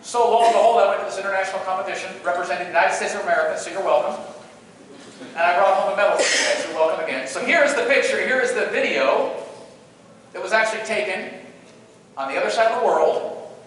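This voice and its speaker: Keynote speaker, man, middle-aged, high-pitched, playful joker, distant mic in a reverberant hall. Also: fast talker, slight background noise. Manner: animated, playful, joking with the audience. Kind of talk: storytelling conference presentation. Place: large conference hall. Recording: echoey hall, picked up from afar.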